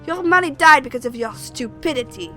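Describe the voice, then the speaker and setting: A woman voicing a sharp-tongued village witch who speaks in a dry, scornful way. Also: high-pitched, animated, fairly quick, faint music behind.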